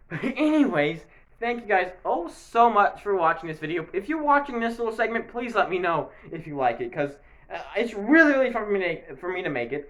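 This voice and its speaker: A man's voice: on the high side, a bit bright. A man giving a casual, rambling sports recap to camera, breaking into bursts of mock play-by-play hype. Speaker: sports video creator. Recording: echoey room.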